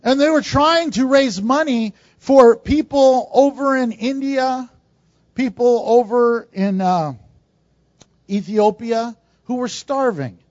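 A man's voice: very high voice, slow pace, a little mellow, dry recording. A man preaching a sermon to a congregation in a conversational style, with asides and jokes. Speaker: pastor. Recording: dull, dry recording.

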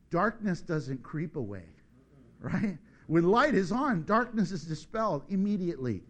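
A middle-aged man preaching a sermon, joking and acting out little voices as he goes. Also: high voice. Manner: animated, joking, acts out voices.

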